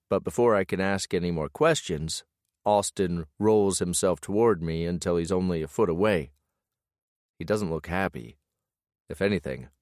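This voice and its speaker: Male romance narrator, deep voice, dry close studio sound. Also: dry recording. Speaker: audiobook narrator. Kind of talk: first-person romance audiobook narration.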